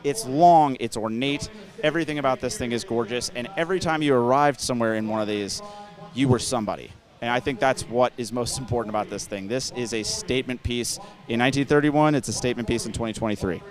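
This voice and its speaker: A man's voice: mid-range voice, fast talker. A man co-hosting a live auction broadcast, chatting enthusiastically as commentator. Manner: chatty, enthusiastic about cars. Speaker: co-host and commentator.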